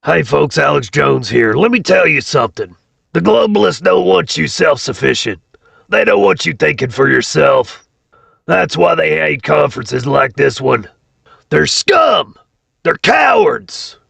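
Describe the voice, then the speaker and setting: A man impersonating a bombastic male conspiracy radio host who yells and sells supplements. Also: fairly high pitch, big pitch swings, measured pace, creaky, slightly rough, no echo, voice pushed down, full character voice.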